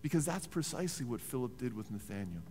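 A man, a pastor preaching a sermon in a church in a conversational, animated storytelling way. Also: medium pitch, fast talker, a little hiss or hum. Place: church sanctuary. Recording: reverberant church hall.

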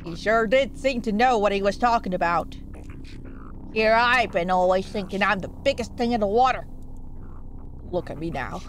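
A woman's voice: medium pitch, normal speed, long pauses, slight background noise, voice pushed down, close to an everyday voice. A woman voicing a big, old, humbled male fish who talks in a folksy drawl.

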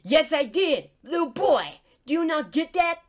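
A gameplay YouTuber does in-character commentary as a cranky cartoon duck, squawking insults, trash-talking and picking fights. The voice is high, very animated and a little slow, with a bickering mood.

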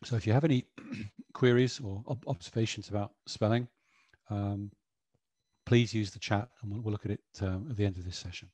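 Husky, mellow man presenting. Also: lowish voice, steady tone, normal speed, no echo. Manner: chatty, explanatory, frequent "you know". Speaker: webinar presenter. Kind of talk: educational webinar talk.

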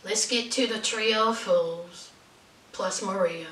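Sassy woman, casual comedic recap, bright lively voice, echoey room, a bit off-mic. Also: mid-range voice, takes it slowly, distant mic. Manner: sassy, animated, mocking asides. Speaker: TV recap vlogger.

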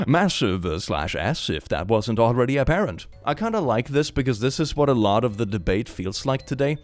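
A man's voice: medium pitch, big pitch swings, normal speed, hardly any pauses. A man hosting a comedic reaction commentary on memes, sarcastic and mocking, laughing often. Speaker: channel host.

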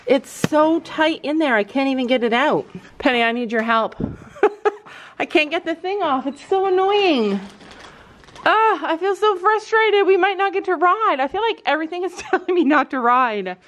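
A chatty mom with a high voice talks casually to a handheld camera outside at a horse barn. She laughs a lot and slips into cooing baby talk with the animals. Faint background noise sits under her voice. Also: lively intonation, normal speed, fairly bright tone. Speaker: mom vlogger. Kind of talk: casual vlog chat.

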